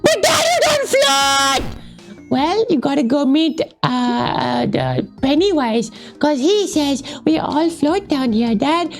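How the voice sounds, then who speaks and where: A needy little radish son in a game voice-over, put on by the player, whining and pleading for his dad. The voice sits extremely high and leaps about wildly in pitch. Faint music plays underneath. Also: big pitch swings, slow, full character voice. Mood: whiny pleading. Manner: whiny, pleading, often shouting "Dad". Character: clingy little radish son, whiny and dramatic.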